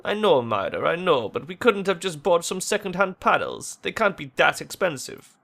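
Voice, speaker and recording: A man reading a worried young man in a game who speaks bluntly. The voice is bright and tense, with some vocal fry. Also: a little high, big pitch swings, moderate pace, voice pushed up, full character voice. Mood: anxious. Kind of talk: reading game dialogue aloud.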